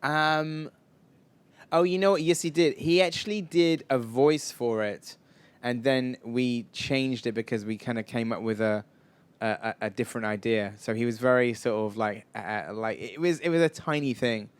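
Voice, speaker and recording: A man's voice: mid-range voice, moderate pace, smooth. A man answering audience questions at a live event, chatty and rambling, often self-deprecating. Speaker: filmmaker guest.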